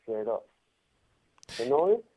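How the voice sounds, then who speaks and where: A man calling in from a prison cell, chatting in an animated, slangy way with frequent laughs. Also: medium pitch, slow pace, slight background noise. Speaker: incarcerated caller. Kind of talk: casual phone chat. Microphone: phone handset. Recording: tinny prison phone line.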